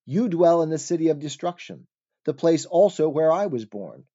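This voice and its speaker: Brief: a troubled, earnest pilgrim pleading in archaic words, mellow and dull-sounding, voiced by a male narrator. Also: on the high side, animated, moderate pace. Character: troubled pilgrim man fleeing his city, earnest.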